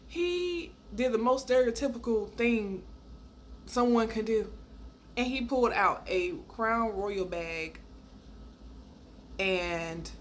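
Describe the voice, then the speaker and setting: A woman telling a personal story in a casual, animated way, laughing as she goes and jumping high when she acts out quoted lines. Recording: faint background noise.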